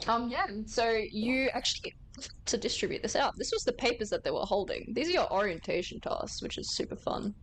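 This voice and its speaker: A woman running a tabletop game, narrating in a relaxed, chatty way and laughing often. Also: on the high side, fairly quick, slight background noise. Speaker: game master.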